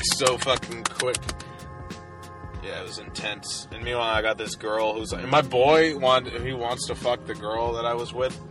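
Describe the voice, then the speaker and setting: A young man casually telling a rambling, profane story full of "like," as a podcast co-host. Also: mid-range voice. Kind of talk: casual chat.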